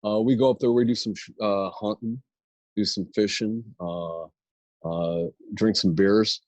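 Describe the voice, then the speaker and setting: A man putting on a folksy Michigan hot-sauce pitchman. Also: fairly even intonation, measured pace, a little mellow, no room sound. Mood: boastful salesy. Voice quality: folksy, rambling, full of "uh" and "listen".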